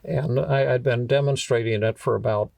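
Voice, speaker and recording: A man hosting a podcast, telling a story in a halting way, often repeating words and restarting his sentences. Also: mid-range voice, steady tone, creaky, darkish tone, no room sound, far from the mic.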